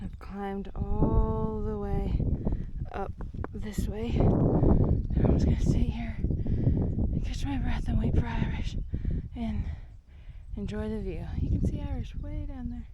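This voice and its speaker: A woman's voice: on the high side, steady tone, takes it slowly, pauses often, dull audio. A woman filming a casual trail vlog outdoors on a rocky mountain trail with a handheld camera. She is chatty and exclaims often, then drops to nervous whispers. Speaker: thru-hiker vlogger. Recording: loud wind noise outdoors. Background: loud wind.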